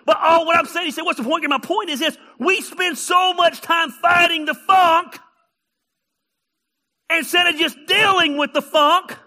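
Animated high-voiced pastor preaching. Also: male voice, measured pace. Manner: animated, often shouting, storytelling. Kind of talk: sermon with comic stories.

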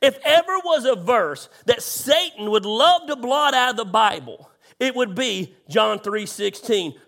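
A middle-aged man preaching a sermon as pastor, impassioned and emphatic, slowing down on key lines and rising into shouts. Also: very high-pitched.

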